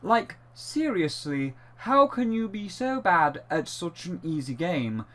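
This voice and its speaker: A man's voice: high voice, very animated, takes it slowly, a bit bright, exaggerated voice. A man putting on a posh British accent to read out rude chat messages in a mock-refined way. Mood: mock-prim. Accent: posh British, put on. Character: posh British man reading insults aloud.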